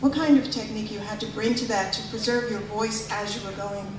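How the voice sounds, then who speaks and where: A woman's voice: medium pitch, fairly quick, very noisy. A woman fan asking a voice actor a question from the audience, eager and admiring. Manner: eager, admiring, laughing a little. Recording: echoey hall, distant mic, crowd.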